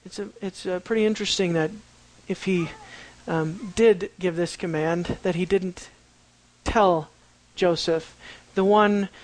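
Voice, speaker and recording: A preacher walks listeners through a Bible passage in a conversational sermon, asking them questions as the talk goes. The story is told with dramatic swings between quiet moments and excited ones, at a middle pitch. The sound is dry and close, with almost no room echo.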